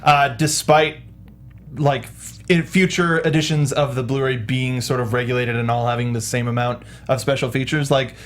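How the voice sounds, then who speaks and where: A man co-hosting a casual chat show who reads out news items, quick and rambling with many fillers. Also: mid-range voice, fairly even intonation. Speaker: podcast co-host.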